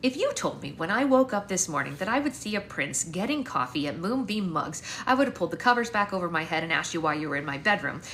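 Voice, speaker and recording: A woman author reading her own novel aloud in a live stream at home, with wry, expressive first-person narration on a phone mic. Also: on the low side, slight background noise.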